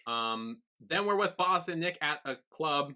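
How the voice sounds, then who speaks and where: A man's voice: fairly high pitch, expressive, measured pace, sharp tone. A man co-hosting a podcast, chatting casually as he recaps a TV episode scene by scene and acts out the characters' lines. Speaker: podcast co-host.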